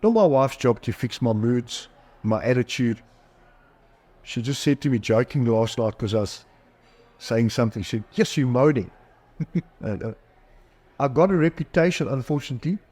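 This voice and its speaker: A middle-aged man, a psychologist and author, on a podcast. He tells personal stories in a frank, self-deprecating way and slips into quoted dialogue. His voice sits at an ordinary middle pitch. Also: normal speed, pauses often, a little mellow, slightly rough. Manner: candid, self-deprecating storyteller who acts out quoted dialogue. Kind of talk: podcast interview.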